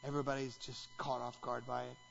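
A man preaching a sermon as pastor, animated and rising to shouts when he acts out quotes. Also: medium pitch, quick pace, vocal fry, lo-fi sound, slight background noise.

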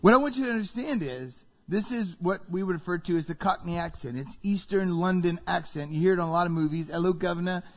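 A man preaching a sermon to a congregation, animated and full of rhetorical questions. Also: high voice, quick pace, few pauses. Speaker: pastor. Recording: reverberant hall, dull sound.

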